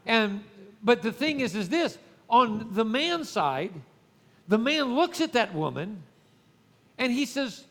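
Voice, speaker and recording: A man's voice: very high-pitched, very animated, measured pace, a bit bright, in a large hall. A male pastor preaching a conversational sermon, often calling out to the congregation and restarting his sentences.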